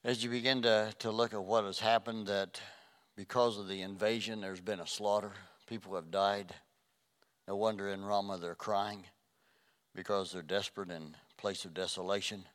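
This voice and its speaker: Preacher, man, middle-aged, lowish voice, dynamic sermon delivery. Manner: swings from loud emphatic preaching to soft hushed tones.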